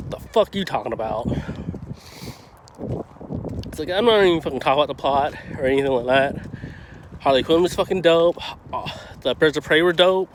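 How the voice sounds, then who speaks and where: A man's voice: fairly high pitch, expressive, moderate pace, long pauses, noisy background. Profane ranting man, outdoors. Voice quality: profane, heated, rambling. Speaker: movie reviewer. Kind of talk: casual ranting review.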